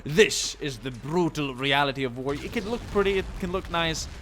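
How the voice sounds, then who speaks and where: A man's voice: a little high, animated, normal speed, a little hiss or hum. A young man giving joking, rambling commentary over a war game. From Sweden. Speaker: gameplay commentator. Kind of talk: gameplay commentary. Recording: game battle sounds loud behind. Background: gunfire and artillery from the game.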